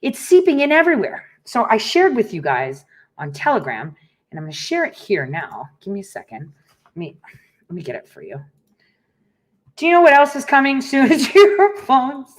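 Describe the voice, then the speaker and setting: A woman's voice: a little high, wildly swooping pitch, normal speed. A middle-aged woman hosting a talk show, telling stories and ranting bluntly with frequent swearing and laughs. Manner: blunt and profane, storytelling with laughs. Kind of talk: casual monologue to listeners.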